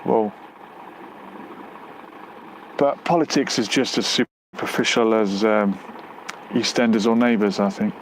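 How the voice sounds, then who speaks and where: A man's voice: fairly low pitch, unhurried, pauses often, a little hiss or hum, rough recording. A man hosting a casual live stream outdoors near a road, reading out viewer comments and musing aloud with lots of fillers. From United Kingdom.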